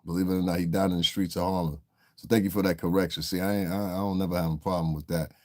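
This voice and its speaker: A man's voice: low-pitched, level tone, very fast, dark tone. A man hosting a casual livestream, laid-back and chuckling as he talks to his chat. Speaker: livestream host.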